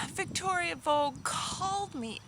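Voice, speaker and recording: A woman's voice: very high voice, expressive, slow, noisy background. A sad, subdued woman vlogger chatting casually to her viewers, rambling and emotional, with sighs and restarts. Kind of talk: casual chat to camera.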